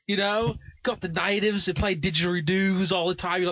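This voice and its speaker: A man's voice: sits high, brisk, few pauses, no room sound, highs cut off. Rambling young man in a fake English accent. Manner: rambling put-on English-Australian drawl, constant "you know". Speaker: mock talk show guest. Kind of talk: improvised comedy sketch. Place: inside a parked car.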